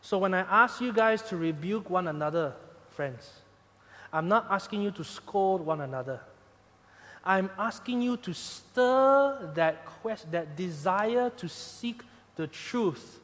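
A man preaching a sermon as pastor, swinging between loud emphatic points and quiet, soft passages. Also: high voice, lively intonation, takes it slowly. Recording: long hall reverb.

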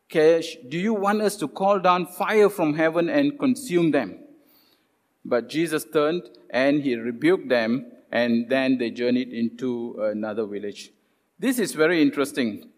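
Man preaching in a reverberant hall. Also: mid-range voice. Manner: retelling scripture stories with animated quoted voices and frequent fillers. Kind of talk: sermon.

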